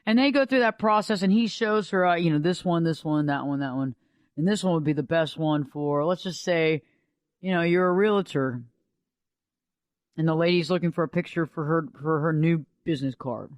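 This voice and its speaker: A woman's voice: low voice, moderate pace, dry recording. Dry-voiced woman telling stories on radio. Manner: conversational, repeats "think about" to make points. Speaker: life coach and radio host. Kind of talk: storytelling talk-show monologue.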